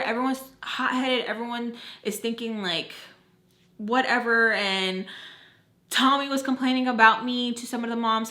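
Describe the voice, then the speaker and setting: A young woman tells a personal story in a casual, animated way, swearing freely and acting out what people said. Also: a little high. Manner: animated, profane, acts out quotes. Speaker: beauty vlogger telling a story. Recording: echoey room.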